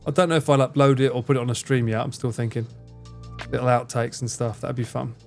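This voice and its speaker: A man's voice: mid-range voice, steady tone, fast, gravelly, darkish tone, faint music behind. A young man with an Essex accent, chatting casually and jokingly with his live stream viewers. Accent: Essex English. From Essex, England. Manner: joking, teasing, answers chat messages.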